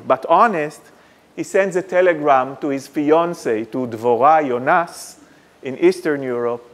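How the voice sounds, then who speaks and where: A man from Israel, giving a lively, dramatic storytelling lecture full of wry asides. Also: on the high side. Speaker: guest lecturer.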